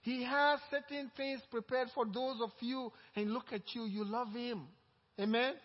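High-voiced preaching man in a hall. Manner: lively preaching, quotes scripture slowly with emphasis. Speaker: pastor. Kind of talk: sermon. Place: church sanctuary. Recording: reverberant hall, dull lo-fi sound.

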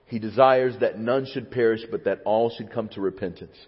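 A man preaching a sermon in a church, moving between quiet teaching and fervent, emotional pleas. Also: on the low side, moderate pace, slightly rough. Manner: builds to fervent, rising pleas, then drops to quiet teaching. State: near tears. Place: church sanctuary. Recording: dull sound with long hall reverb.

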